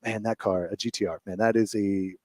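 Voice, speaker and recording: A man hosting a radio show, telling stories in casual chat, animated and laughing often. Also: fairly low pitch, fairly quick, no room sound. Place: radio studio.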